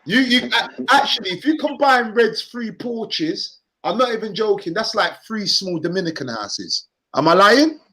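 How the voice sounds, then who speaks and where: A man's voice: sits high, lively intonation, normal speed, few pauses, pushed and bright, rough recording. A Cockney man with a slightly raised voice hosts a casual live stream. He chats along in an upbeat way and says things twice or three times to drive them home. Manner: chatty, upbeat, repeats phrases for emphasis. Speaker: vlogger and live-stream host.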